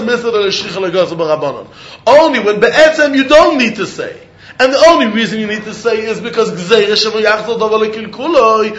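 Animated male Talmud teacher, echoey. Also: sits high, quick pace. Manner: animated sing-song study chant, questioning and answering himself. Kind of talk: Talmud lecture in Yeshivish English. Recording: dull echoey room recording.

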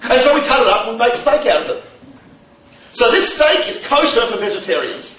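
A man giving a humorous lecture to a live audience, animated and firing rhetorical questions at the room. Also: very high voice, fairly quick. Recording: echoey hall, distant mic, faint noise.

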